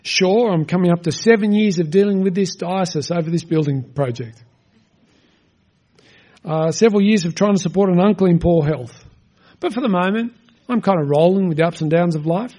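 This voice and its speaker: A man's voice: high voice, normal speed, warm tone. A middle-aged pastor preaching a sermon in an earnest, conversational way, asking his listeners questions.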